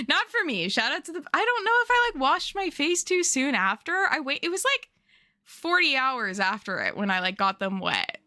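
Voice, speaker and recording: Bright-voiced woman streamer chatting. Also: high voice, big pitch swings, moderate pace, no echo. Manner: rambling, giggly, reading out chat and answering it. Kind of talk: casual chat with live viewers.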